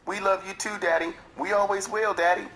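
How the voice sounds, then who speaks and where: A man's voice: high-pitched, fairly even intonation, fairly quick, fairly bright tone, a little hiss or hum, voice pushed up, poor audio. A man voicing a frightened ten-year-old boy who pleads tearfully with his stepfather. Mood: pleading.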